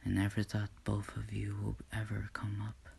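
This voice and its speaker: A man voicing God as a soft-spoken, unsure fatherly deity, speaking in a hushed, half-whispered tone with slow, pondering hums in an amateur fan story. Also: on the low side, fairly even intonation, gravelly. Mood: troubled.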